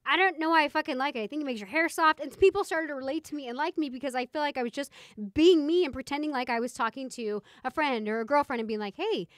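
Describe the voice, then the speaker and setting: A woman co-hosting a podcast in casual chat, telling stories in an animated way and acting out quoted lines. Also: high-pitched, fast talker, few pauses, no room sound, clean studio sound. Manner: animated storytelling with quoted voices. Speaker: podcast co-host.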